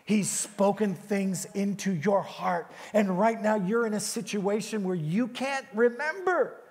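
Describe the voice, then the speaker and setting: Male guest preacher, high-pitched and animated, sermon storytelling, church hall reverb. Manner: animated storytelling, coaxing the congregation. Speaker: guest pastor. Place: church sanctuary.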